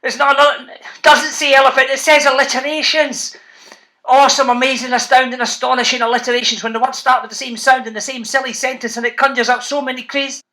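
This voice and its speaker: Brief: playful Scottish author hosting a kids' reading session, bright and punchy. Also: male voice, very high voice, little pitch movement, fast talker. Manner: bouncy, playful, calls out to the kids. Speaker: children's author presenting a reading show. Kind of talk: lively talk to school classes.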